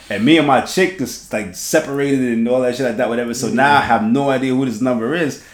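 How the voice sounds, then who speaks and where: A man hosting a podcast, telling stories in lively casual chat with slang, swearing and laughter. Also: mid-range voice, fast talker, hardly any pauses. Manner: animated storytelling, laughing, heavy slang and swearing. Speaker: podcast host. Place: podcast studio. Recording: echoey room.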